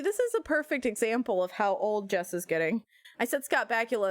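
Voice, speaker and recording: A woman streamer in casual live-stream chat, animated and joking, often breaking into laughter. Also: mid-range voice, dry recording.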